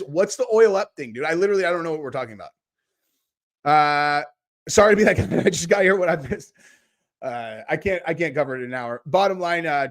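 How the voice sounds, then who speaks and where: Excitable, foul-mouthed male streamer. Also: on the high side. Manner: profane, rambling and excitable, with many restarts. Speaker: livestream host. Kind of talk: casual livestream chat.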